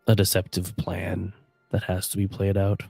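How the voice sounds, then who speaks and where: A man's voice: low-pitched, completely flat delivery, normal speed, gravelly, warm tone, slightly rough, no room sound, soft background music, voice pushed down, full character voice. A man voicing a wry male ex-agent turned sheriff who questions people in a dry, probing way.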